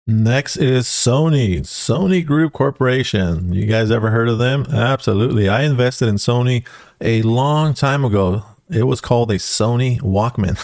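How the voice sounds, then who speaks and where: A man's voice: mid-range voice, no echo, clean studio sound. A man talking casually through stock charts as a trading educator, tagging lines with "okay" and "guys.". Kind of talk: casual screen-share chart walkthrough.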